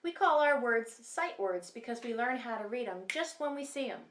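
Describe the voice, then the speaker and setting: Lively kindergarten teacher woman in echoey classroom. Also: fairly high pitch, moderate pace, distant mic, a little hiss or hum. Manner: animated, sing-song teacher voice for small kids. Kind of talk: lesson for young children. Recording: echoey room, mic set back.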